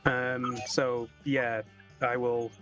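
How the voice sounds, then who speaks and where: A man's voice: mid-range voice, flat delivery, extremely slow, fairly bright tone, faint music behind. An easygoing man, negotiating during a board game over a voice call. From England. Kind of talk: casual game-table banter. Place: online voice call.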